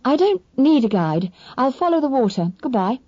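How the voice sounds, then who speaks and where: Woman doing a spirited young woman, brisk coaxing firm speech, dry dull audiobook recording. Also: medium pitch, big pitch swings, mellow, dry recording. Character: spirited young Englishwoman, kind but firm.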